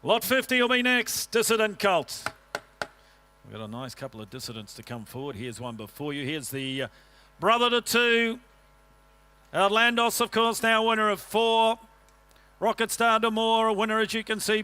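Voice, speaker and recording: Fast-chanting auctioneer, high bright voice. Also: male voice, expressive, clean tone. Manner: rhythmic rolling bid calls, joking asides to bidders.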